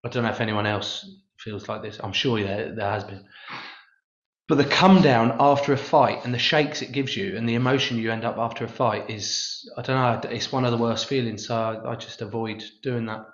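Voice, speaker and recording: A man's voice: medium pitch, moderate pace, reverberant, highs cut off. A man answering press-conference questions in a rambling, self-deprecating, jokey way. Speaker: rugby player at a press conference.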